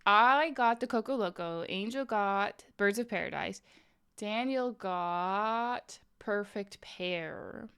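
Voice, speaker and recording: A woman's voice: mid-range voice, slow pace, fairly bright tone, clear, resonant tone. A young woman streamer telling a story in casual chat, rambling with lots of "like" and "um" and laughing often. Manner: chatty, rambling, full of "like" and "um".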